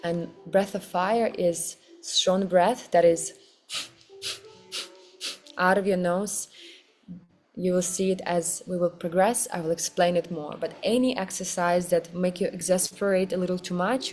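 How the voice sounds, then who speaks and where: A woman teaching a kundalini yoga class, guiding with soft, gentle, unhurried instructions. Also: fairly low pitch.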